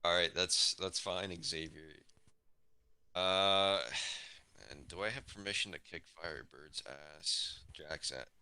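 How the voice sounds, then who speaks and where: Very bright-voiced casual man. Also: low-pitched, takes it slowly, smooth, no echo. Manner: casual, says "like" a lot. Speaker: player. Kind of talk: tabletop role-play banter.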